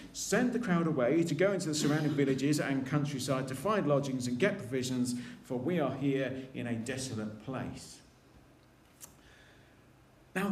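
High-voiced man preaching in a roomy hall. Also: a little mellow. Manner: conversational, acts out quoted voices. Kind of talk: sermon.

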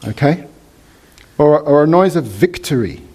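A man preaching a sermon in church, animated, leading the congregation in reading and response. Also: fairly high pitch, unhurried, husky.

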